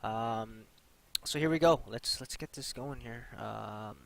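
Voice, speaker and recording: A man's voice: mid-range voice, takes it slowly, creaky, low-quality recording. A young man hosting a casual 3D modeling tutorial, chatty, with lots of fillers and repeated key points. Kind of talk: casual screen-recorded tutorial.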